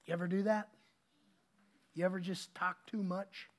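A man preaching a sermon as pastor, swinging between loud emphasis and hushed asides. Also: sits high, little pitch movement, moderate pace.

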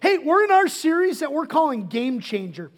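A middle-aged pastor gives a relaxed, chatty sermon, tossing in jokes and stopping to restart his sentences. His voice sits noticeably high for a man. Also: normal speed. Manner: casual, joking, restarts often.

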